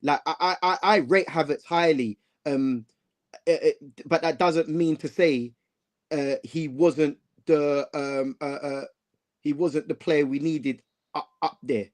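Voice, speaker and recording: A man chatting casually about football as a co-host, animated, full of slang and repeating himself. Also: on the high side, a little slow.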